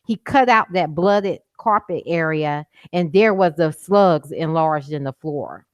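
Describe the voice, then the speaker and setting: A middle-aged woman talks with a fairly low voice, driving home each point with insistent repetition. She sounds impassioned and close to tears at times, recorded dry and close with no room sound. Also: measured pace, no room sound, lo-fi sound. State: emotional, near tears at times. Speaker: guest, mother of a man killed by police. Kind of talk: interview over a call.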